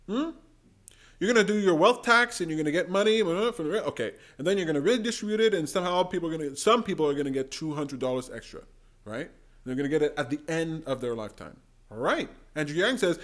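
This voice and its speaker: A man giving an excitable reaction commentary on a debate clip, mimicking voices, laughing and exclaiming. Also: high-pitched, fairly quick. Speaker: political commentator.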